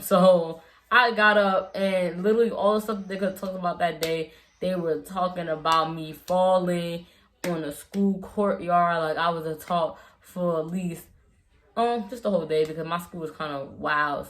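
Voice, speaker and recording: A woman's voice: lowish voice, a bit bright, a little hiss or hum. Rambling young woman telling a story. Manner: rambling, slangy, many fillers and restarts. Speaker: vlogger. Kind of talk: casual storytime.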